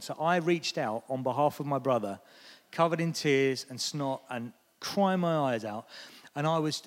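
A British man preaching a sermon, telling stories with animation and acting out the lines he quotes. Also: medium pitch. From Britain. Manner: animated storytelling, acts out quotes in raised voice. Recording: long hall reverb.

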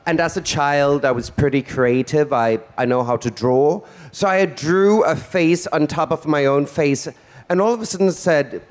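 A man's voice: a little high, normal speed. Campy man hosting a drag show. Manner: flamboyant, theatrical, teasing. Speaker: drag performer and show host. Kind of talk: campy stage stand-up. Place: stage before a live audience.

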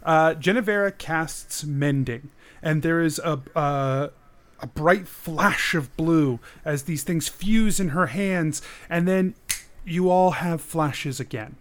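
A man with a slightly high voice runs a tabletop game as game master. He narrates in a casual way with many fillers. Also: slow pace.

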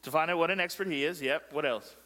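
A man's voice: on the high side, fast, bright, forceful tone, big-room sound. A male pastor preaching a sermon in a joking way, quizzing the congregation as he goes. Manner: joking, asks the congregation questions. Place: church sanctuary.

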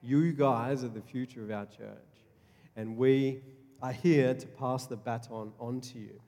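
A man's voice: mid-range voice, steady tone, a little slow, warm tone. A man preaching a sermon as pastor, earnest and repeating his key lines, stumbling and restarting often. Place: church hall. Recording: long reverb of a church hall.

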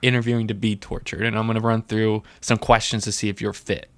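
A man's voice: lowish voice, level tone, fast talker, fairly bright tone, dry recording. A man co-hosting a podcast in casual chat, playful and often restarting his sentences. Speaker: musician co-host.

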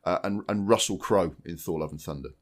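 Low-voiced man, blunt and sweary. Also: brisk. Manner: blunt, sweary, restarts a lot. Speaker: podcast co-host. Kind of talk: casual film chat.

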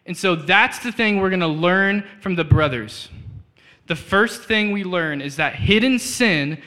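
A man preaching a conversational sermon in a church, with quick asides and acted-out quotes. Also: sits high, sharp tone. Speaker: pastor. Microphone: switches to a handheld mic partway.

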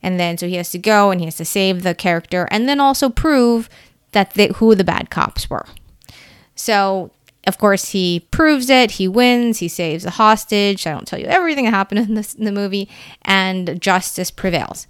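Chatty woman doing her podcast solo, smooth voice, dry close sound. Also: medium pitch, normal speed, dry recording. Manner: chatty, laughs easily, rambling asides. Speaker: podcast host. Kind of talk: casual solo podcast talk.

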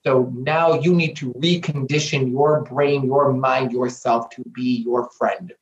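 A man's voice: medium pitch, steady tone, a little slow, slight background noise. A man speaking as a guest in an interview, earnest and emphatic, often repeating himself for weight. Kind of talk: candid interview talk. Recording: roomy, dull lo-fi sound.

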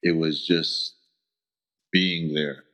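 A middle-aged man from the American Southwest telling personal stories as an interview guest, earnest and halting, often pausing to search for words. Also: rumbling low, steady tone, pushed and bright. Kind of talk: reflective personal storytelling. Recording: dull lo-fi recording.

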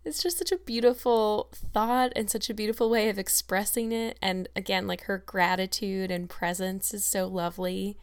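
A woman who hosts a podcast and reads audiobooks gives a storybook-style narration of a classic novel, followed by reflective, appreciative thoughts on the chapter. She speaks smoothly at normal speed in a mid-range voice, with fairly even intonation and few pauses.

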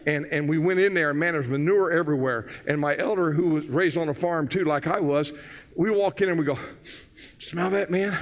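A older man preaching a sermon, telling stories with energy that swings from loud to hushed. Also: a little high, fairly quick. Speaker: pastor. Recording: long hall reverb.

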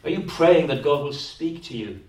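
A man's voice: fairly high pitch, lively intonation, normal speed, darkish tone. A man with a Welsh accent preaching a sermon as a pastor, pressing his points with repeated words and rhetorical tag questions. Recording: echoey hall, distant mic.

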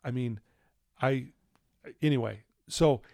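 A middle-aged man from Utah, a podcast guest telling his life story earnestly and acting out quoted dialogue in a hushed voice. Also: mid-range voice, slow, creaky, dry recording, clean studio sound. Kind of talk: candid podcast conversation.

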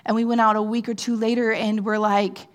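A woman preaching in a relaxed, conversational way, her voice sitting a little high. She keeps checking in with the room and now and then sinks to a hushed, almost whispered tone. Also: brisk. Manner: earnest, often checks in with "right?"; drops to soft, near-whispered phrases at times. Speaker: pastor. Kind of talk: conversational sermon.

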